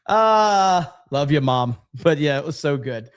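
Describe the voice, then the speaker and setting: A man's voice: a little high, clean tone. A man hosting a casual livestream, rambling sarcastically and reading out chat messages. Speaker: livestream host.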